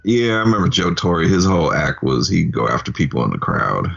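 A man's voice: sits low, animated, brisk, creaky, breathy edge, highs cut off. A man co-hosting a podcast in casual movie chat, laid-back with dry remarks. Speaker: podcast co-host.

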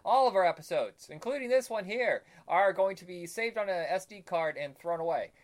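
Excitable man hosting a podcast. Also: sits high, moderate pace. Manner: excitable, swears, laughs often. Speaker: podcast host. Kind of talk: casual podcast chat.

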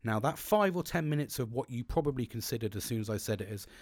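A man's voice: mid-range voice, animated, quick pace, no echo. A man hosting a podcast, talking frankly and casually about coping and mental health, swearing freely and restarting his sentences. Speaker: podcast host.

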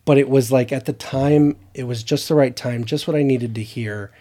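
A man's voice: medium pitch, steady tone, normal speed, dark tone. A man co-hosting a podcast in casual chat, telling earnest, heartfelt stories and acting out what other people said to him. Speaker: podcast co-host.

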